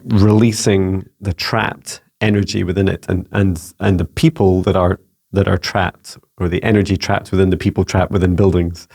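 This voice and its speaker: A man's voice: low-pitched, creaky. A man and psychic mentor answering viewer questions in a rambling, casual way. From Scotland. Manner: warm-hearted, rambling, frequent restarts and fillers.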